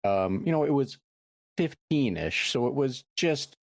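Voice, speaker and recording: A man in his thirties hosting a podcast, chatting casually in a relaxed, rambling way with lots of fillers. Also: medium pitch, a little slow, vocal fry, no echo, clean studio sound. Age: 30s. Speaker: podcast host.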